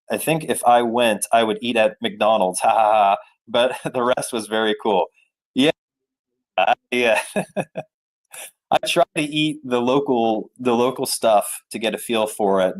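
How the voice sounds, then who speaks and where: A middle-aged man telling a chatty, animated travel story to a live chat, with many fillers and asides. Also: lowish voice. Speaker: travel vlogger.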